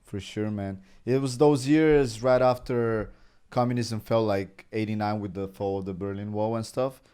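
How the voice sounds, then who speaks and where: A man from Bulgaria co-hosting a reaction podcast, chatting in a relaxed way. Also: fairly low pitch, moderate pace, clear, resonant tone. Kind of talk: casual chat.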